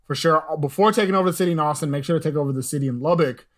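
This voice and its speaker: Chatty young man hosting a sports podcast. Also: racing. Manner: chatty, opinionated, trails off with lowered voice. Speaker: podcast host. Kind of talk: casual sports podcast chat.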